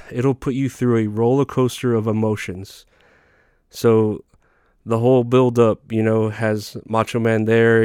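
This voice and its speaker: A man's voice: mid-range voice, darkish tone, clear, resonant tone, no echo, studio quality. A young man hosting a podcast, rambling through a profane comedic rant with lots of fillers and restarts. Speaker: podcast host.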